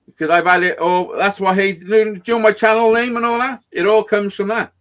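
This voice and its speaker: A man's voice: high voice, fairly even intonation, normal speed, a bit bright. Sweary man telling stories. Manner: swears constantly, acts out quoted dialogue animatedly. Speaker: livestream co-host. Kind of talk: casual storytelling chat.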